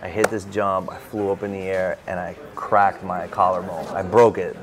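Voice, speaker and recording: A man with a fairly low voice tells a personal story to an interviewer at a bookstore event. He is animated and loose, stacking "like" fillers as he goes. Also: normal speed. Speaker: author. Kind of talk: casual anecdote in an interview.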